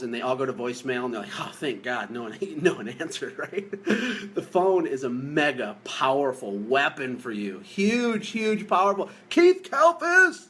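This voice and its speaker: Upbeat male coach from the US, a bit higher-voiced, joking and hammering key points on a live stream. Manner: energetic, jokey, emphatic, repeats key phrases. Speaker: business coach.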